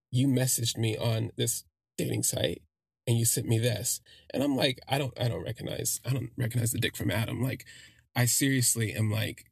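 A husky-voiced podcast host tells a story in a casual, animated monologue, acting out quoted voices with big pitch jumps. The recording is studio quality with no room sound.

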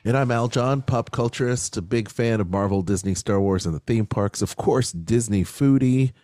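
A man's voice: on the low side, normal speed, warm tone, no echo, clean studio sound. A man co-hosting a podcast in casual chat, joking and teasing his co-hosts and breaking into bits of song. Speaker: podcast co-host.

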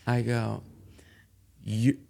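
A man's voice: mid-range voice, gravelly, mellow. A middle-aged man chatting casually as a podcast guest, telling a long story with many fillers and restarts. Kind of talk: casual chat.

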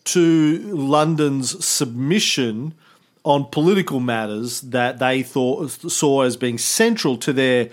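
A man's voice: mid-range voice, slow. A man co-hosting a history podcast, telling history as an irreverent, profane story with homespun analogies. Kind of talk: casual history podcast chat.

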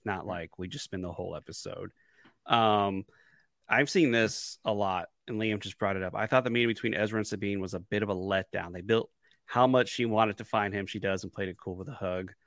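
A man co-hosting a casual fan podcast, talking excitedly, stumbling over repeated words and laughing often. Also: lowish voice, dry recording, clean studio sound. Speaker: podcast co-host.

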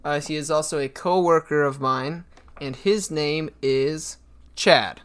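A young man co-hosts a casual podcast, chatty and quick to laugh. His voice sits a little high. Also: fairly bright tone, clear, resonant tone. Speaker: podcast co-host. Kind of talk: casual chat.

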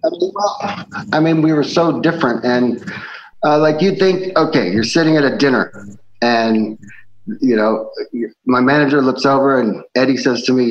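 Relaxed man telling band stories. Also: medium pitch, moderate pace. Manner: relaxed storytelling, frequent fillers and restarts. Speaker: musician guest. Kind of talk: casual interview chat. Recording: slightly dull, faint background noise.

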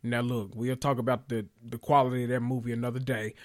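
A young man hosting a podcast, rambling in an excitable, gushing way and swearing freely as he corrects himself mid-thought. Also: medium pitch, quick pace. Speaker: podcast host. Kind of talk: casual podcast rant.

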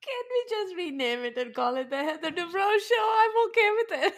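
A woman's voice: very high-pitched, expressive, a little fast. A woman co-hosting a podcast, chatting casually about reality TV, with frequent exclamations and laughter. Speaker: podcast co-host. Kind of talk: casual chat recapping reality TV.

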